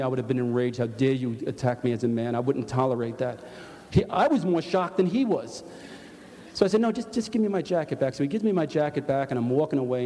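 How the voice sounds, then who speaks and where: An older congregant from New York gives a heartfelt spoken testimony full of false starts. His mid-range voice has a dark tone, and the recording has slight background noise and a long church-hall reverb.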